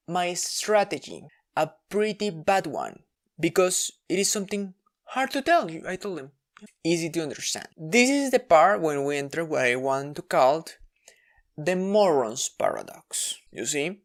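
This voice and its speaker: Low-voiced woman telling a candid story. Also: sing-song, measured pace. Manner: candid, wry, self-deprecating, with frequent restarts. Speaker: vlogger. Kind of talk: personal storytelling monologue.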